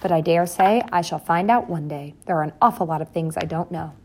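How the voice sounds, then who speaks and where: A woman voicing a curious, determined young female school mouse who talks quietly and firmly. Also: low voice, brisk. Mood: earnest.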